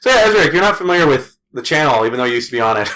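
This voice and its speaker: Fast-talking, bright-voiced man telling stories. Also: medium pitch. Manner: profane, animated retelling with voiced quotes. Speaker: podcast host. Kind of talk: casual storytelling chat.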